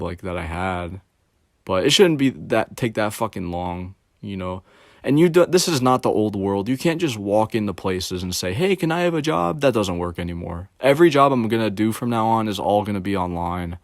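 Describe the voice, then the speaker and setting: Rambling young man with a low voice. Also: moderate pace, no echo, clean studio sound. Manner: rambling, heavy filler words, swearing. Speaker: streamer. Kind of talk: casual storytelling.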